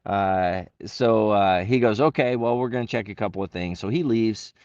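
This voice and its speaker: A man's voice: moderate pace, dry recording. Middle-aged guy telling stories, does all the voices, dry kinda dull audio. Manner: animated, acts out quotes with big pitch jumps and laughs. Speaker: interview guest, retired Marine. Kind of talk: casual storytelling.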